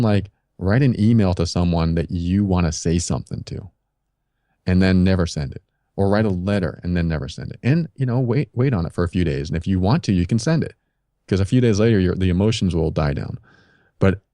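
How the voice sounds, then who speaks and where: Podcast guest: middle-aged man, earnest and confessional, dark warm tone, dry close sound. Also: low voice, no room sound. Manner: earnest, confessional, advice-giving. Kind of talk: candid personal storytelling. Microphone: podcast microphone.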